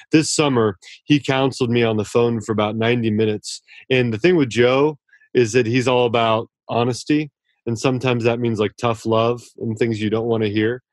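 An earnest man talking as a podcast guest at a mid-range pitch. He is effusive and warm in his praise and often restarts sentences as his thoughts run ahead. The recording is close and dry, with no room sound. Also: no echo. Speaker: author guest. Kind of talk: casual podcast interview.

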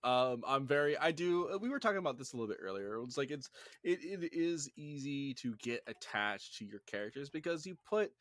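A man's voice: medium pitch, very animated, a little fast, fairly bright tone, dry recording. A man hosting a podcast, enthusiastic and rambling, swearing casually. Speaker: podcast host.

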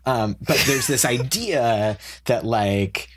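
A man with a somewhat low voice co-hosts a casual podcast. He lays on heavy sarcasm as he makes his points. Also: slow pace, few pauses. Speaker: podcast co-host.

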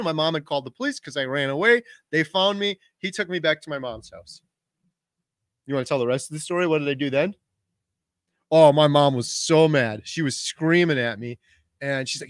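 Chatty man, higher voice, dry close mic. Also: moderate pace, dry recording. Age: 40s. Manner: animated storytelling, talks over his wife. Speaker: host. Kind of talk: casual livestream chat.

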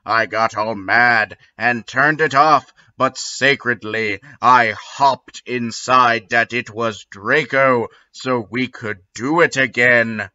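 A man giving a comedic dramatic reading and breaking off for deadpan, sardonic asides. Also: medium pitch, slow, hardly any pauses, muffled recording. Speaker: comedic reader.

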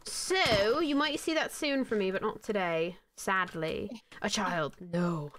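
A woman's voice: medium pitch, slow pace, a bit bright, a little hiss or hum. A young adult woman streaming a game, chatting casually, swearing and thanking followers. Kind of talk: casual gaming stream chat.

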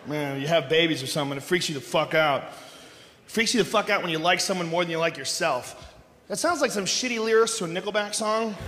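A middle-aged man doing a stand-up comedy routine on a big theater stage, loud and profane, shouting his punchlines. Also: fairly high pitch, fairly quick. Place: large theater stage before a live audience. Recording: echoey hall recording with audience noise.

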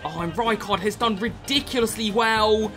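A young man reacts to his own game as he plays it, chatty and sweary, calling his viewers lads and boys. His voice sits a little higher than most men's. Loud background music plays under him. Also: normal speed. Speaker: gaming video host. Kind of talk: live gameplay commentary.

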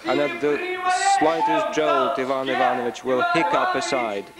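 A man reading a translated voice-over of a live stage play, switching quickly between the characters' lines. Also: mid-range voice, steady tone. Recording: voice-over on a live theatre recording with a loud audience.

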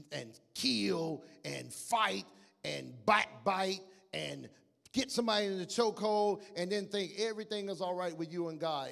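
A man's voice: high voice, gravelly. A man preaching a passionate sermon as pastor, calling his congregation to repeat after him. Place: church sanctuary. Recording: church hall reverb.

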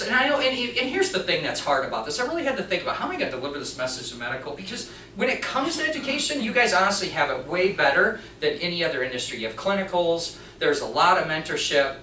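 A mechanics teacher giving an animated storytelling talk to an audience, acting out the other people in the story. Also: mid-range voice, a little hiss or hum. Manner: animated, acts out the dialogue of others. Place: presentation room before an audience. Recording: echoey room, voice from a distance.

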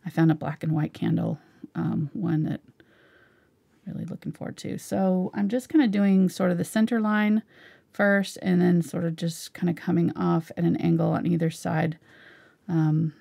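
A woman's voice: on the low side, level tone, moderate pace, creaky, dark tone. A middle-aged woman teaching a live painting tutorial, chatting casually while she paints. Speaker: painting instructor.

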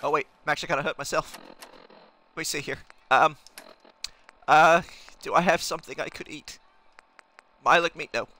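A man's voice: a little high, steady tone, normal speed, long pauses, pushed and bright. A young man streaming a game in character, talking in a manic, rambling, self-mocking way. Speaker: gaming streamer. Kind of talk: in-character let's play commentary.

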